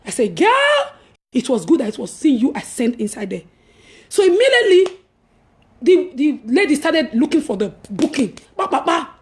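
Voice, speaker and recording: Woman, Nigerian accent, high pitch, animated storytelling, dramatic loud-to-hushed swings. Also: normal speed. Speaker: evangelist vlogger. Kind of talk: casual storytelling monologue.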